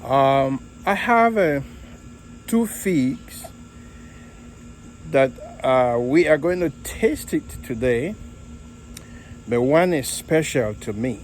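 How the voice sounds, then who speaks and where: A man from Nigeria with a Nigerian accent, hosting a casual garden vlog in an unhurried, halting way. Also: mid-range voice, animated, a little hiss or hum, poor audio. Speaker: fig grower and channel host.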